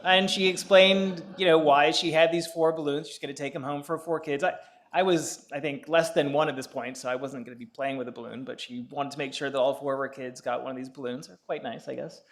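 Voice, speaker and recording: A man's voice: fairly high pitch, fairly even intonation, fairly quick, fairly bright tone. A man in his fifties from the Bahamas giving a public law lecture, telling personal stories in a conversational way with frequent filler sounds and light chuckles. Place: lecture hall.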